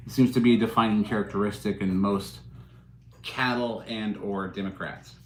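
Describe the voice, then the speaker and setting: A man's voice: fairly low pitch, fairly even intonation, moderate pace, a little hiss or hum. Man chatting on an echoey livestream. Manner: joking, rambling, chuckling while reading chat. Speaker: livestream host. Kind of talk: casual livestream chat answering comments. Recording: roomy echo.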